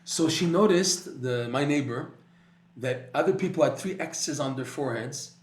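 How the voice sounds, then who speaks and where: A man's voice: mid-range voice, normal speed, roomy sound. A man teaching a Torah class, telling a story animatedly with frequent restarts and repeated words.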